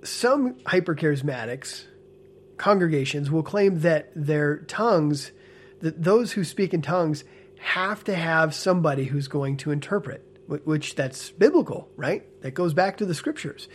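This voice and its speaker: A man in casual spoken commentary, animated and earnest with a smile in his voice, often checking in with "okay?" and "right?". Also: fairly high pitch, unhurried. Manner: animated, frequent tag questions like "okay?" and "right?"; talks with a smile, amused and earnest. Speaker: ex-church member commentator.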